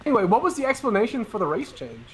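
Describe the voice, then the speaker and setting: A man's voice: sits high, wildly swooping pitch, rapid-fire, a little hiss or hum, poor audio. A man from outside the United States, a guest on a gaming stream, talking casually, profane and easily riled up.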